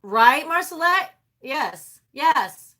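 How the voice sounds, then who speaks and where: A woman hosts a casual livestream and chats animatedly with her viewers. Her voice sits a little high and sounds bright and sharp. She talks freely and breaks into laughter often. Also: very animated, very slow. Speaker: livestream host.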